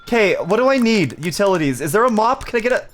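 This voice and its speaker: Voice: mid-range voice, big pitch swings, fast talker, a little hiss or hum. A streamer playing a cooking game live, bantering and swearing at chat with frequent laughter.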